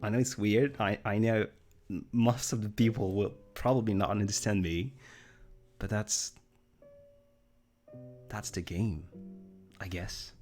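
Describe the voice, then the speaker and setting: Host: young French man, low voice, American-tinged English, rambling and self-deprecating chat, faint music underneath. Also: fairly even intonation, measured pace, pauses often, darkish tone. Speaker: livestream host. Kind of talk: casual livestream chat reading viewer comments.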